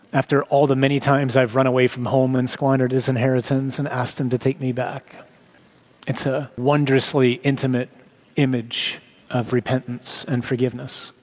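A man preaching a sermon, reading scripture and teaching in an earnest, reflective way. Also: mid-range voice.

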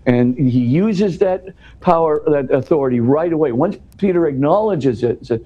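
A man's voice: on the high side, animated, normal speed, highs cut off. A man speaking as an interview guest, explaining at length in an earnest, conversational way and often restarting his words.

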